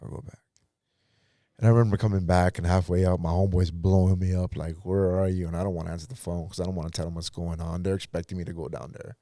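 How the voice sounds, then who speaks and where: Speaking fast in a low, dark, level voice, a pastor recounts his life story on a podcast, sincerely sharing his testimony in a casual way and replaying conversations from his past. The studio audio is clean, with no echo.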